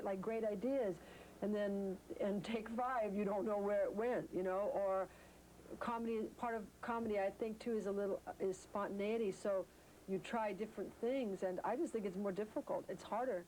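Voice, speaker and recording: Woman, interview guest, mellow dark voice, thoughtful halting talk, faint hiss. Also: mid-range voice, low-quality recording. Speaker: interviewee, actress. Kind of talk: casual interview answers.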